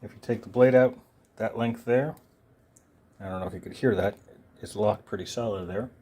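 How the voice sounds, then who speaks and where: A man casually reviewing a multitool on camera, talking in a relaxed, meandering way with frequent ums and uhs while he handles it. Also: lowish voice, normal speed. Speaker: gear reviewer. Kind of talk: unscripted product review. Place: filming himself while handling the tool.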